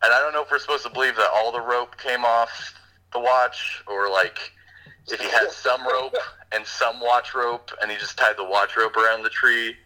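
A man's voice: medium pitch, normal speed, low-quality recording. A man co-hosting a podcast, casually retelling a movie plot with lots of fillers. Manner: rambling, animated retelling with fillers. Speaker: podcast co-host reviewing a movie. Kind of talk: casual chat.

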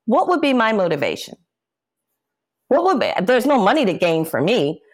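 A woman's voice: a little high, wildly swooping pitch, normal speed. A woman, a jazz singer, speaking as an interview guest and candidly recounting personal events with emphatic, impassioned delivery.

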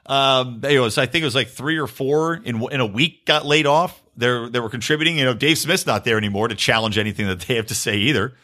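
A man's voice: medium pitch, a little fast, hardly any pauses, pushed and bright. A man hosting a podcast, delivering a sarcastic, ranting political commentary monologue and swearing freely. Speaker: podcast host.

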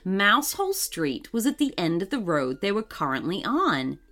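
A woman narrating a children's story in a gentle, expressive reading manner. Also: mid-range voice, normal speed. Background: faint music.

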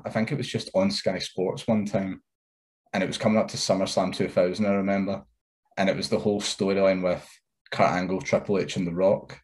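A man's voice: sits low, flat delivery, fairly quick, a little mellow. A man in his thirties, a wrestler guest, easygoing and rambling. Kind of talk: casual interview chat.

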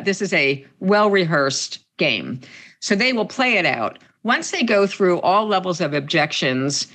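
A woman labor organizer answering interview questions in an emphatic, insistent way. She repeats her key points and slows down sharply to stress them. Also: lowish voice, fairly bright tone.

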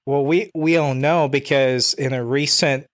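A man's voice: medium pitch, steady tone, a little slow. A man co-hosting a casual comics chat, blunt and joking, swearing freely.

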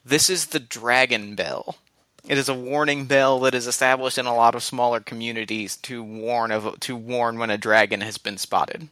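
A man running a tabletop game as game master, narrating in a relaxed, loose way with frequent restarts. His voice sounds bright and forceful at a mid pitch, and the recording is dry and close. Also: normal speed, no echo.

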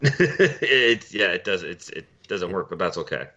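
A man's voice: sits low, sing-song, a little slow, pushed and bright, highs cut off. A man co-hosting a podcast in casual chat, rambling with fillers and laughing often. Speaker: podcast co-host.

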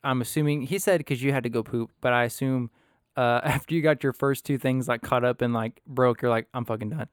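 A man's voice: mid-range voice, fairly even intonation, brisk, smooth, dry recording, clean studio sound. A man hosting a casual podcast chat, telling stories with lots of laughter and loose, rambling asides. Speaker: podcast host.

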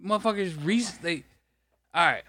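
A man's voice: sits high, lively intonation, moderate pace, pushed and bright. A man from Michigan, co-hosting a podcast, rambling through an exasperated, profane story in casual chat. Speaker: podcast co-host.

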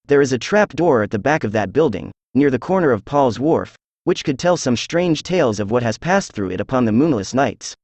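Casting note: computer-made male narrator, mid pitch, steady reading of an old story, dry recording. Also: a little fast, dry recording. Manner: even synthesized reading, little change between characters. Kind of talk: scripted audiobook narration.

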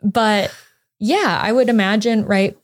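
A woman in her thirties, a psychotherapist guest on a podcast, telling a personal story in a lively way, laughing often and acting out what people said. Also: mid-range voice, slow pace, no room sound, clean studio sound. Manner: animated storytelling, acts out quotes, laughs often. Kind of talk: casual podcast conversation.

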